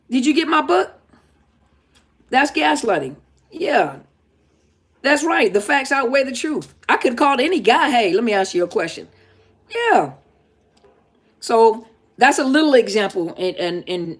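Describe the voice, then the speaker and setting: A middle-aged woman talks to her viewers in a fairly high voice. She is casual but emphatic, and she repeats her key points as she hosts a live question-and-answer stream. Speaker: therapist and coach hosting a live Q&A.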